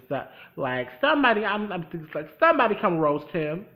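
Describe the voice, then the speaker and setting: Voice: medium pitch, a little fast, highs cut off. A vlogger recapping a TV episode in casual chat, talking straight to the viewer with lots of energy. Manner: animated, talks straight to the viewer. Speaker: TV episode reviewer.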